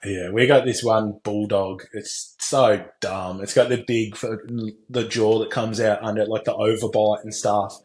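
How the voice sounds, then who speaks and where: A man's voice: fairly low pitch, steady tone, a little slow, hardly any pauses, a little mellow. A young Australian man hosting a podcast, telling stories in casual chat, swearing and laughing often. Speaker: podcast host.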